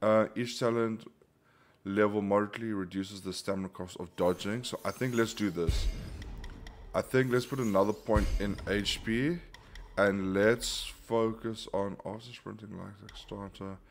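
A man's voice: fairly low pitch, steady tone, moderate pace, a little hiss or hum. A man hosting a gaming channel, giving casual let's play commentary, thinking aloud and bursting into frustrated outbursts.

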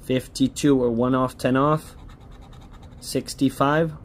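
A man's voice: mid-range voice, steady tone, takes it slowly, slight background noise. Chatty man pleading over lottery tickets. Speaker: scratch-off lottery vlogger. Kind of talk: casual running commentary.

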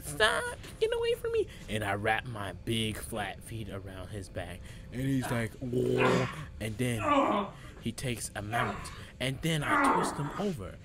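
A young man narrating his own video in a joking voice-over, deadpan and boastful, sometimes dropping to a quiet mumble. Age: young adult. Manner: deadpan boasting, mock trash talk, drops to quiet low mumbling. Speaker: vlogger. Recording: crowd noise behind.

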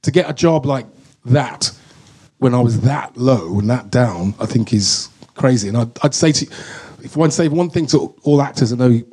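A man telling a candid, emotional story as a guest at a live on-stage Q&A, full of halting restarts. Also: mid-range voice, lively intonation, darkish tone, breathy edge. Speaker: guest actor. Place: stage in front of an audience.

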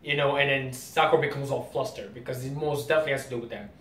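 A man's voice: fairly even intonation, racing, fairly bright tone. A man hosting a casual comic reaction video, rambling and explaining as he goes. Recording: roomy distant mic, faint rumble.

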